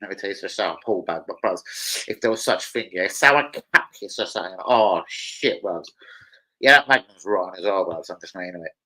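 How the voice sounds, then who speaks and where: A man's voice: deep voice, expressive, moderate pace, sharp tone, poor audio. A man hosting a live stream, chatting casually in a rambling, slang-heavy way and swearing freely. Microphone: streaming setup mic.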